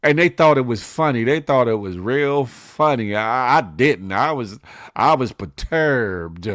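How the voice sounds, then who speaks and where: A man hosting a casual morning show, telling stories with lively quoted voices and frequent laughter. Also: medium pitch, a little slow, no echo, clean studio sound. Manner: storytelling, animated quoted voices, laughs often. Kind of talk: casual livestream chat reading comments.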